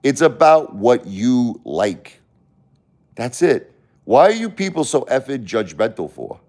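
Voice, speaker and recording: A man's voice: medium pitch, big pitch swings, a little slow, darkish tone. A man hosting a casual livestream, talking bluntly and repetitively to his chat, confronting viewers by name. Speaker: livestream host.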